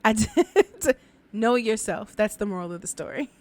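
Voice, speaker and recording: A woman's voice: mid-range voice, sing-song, normal speed, a little mellow. A woman hosting a podcast, telling folk tales in a casual, chatty way and laughing often. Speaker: podcast host and storyteller.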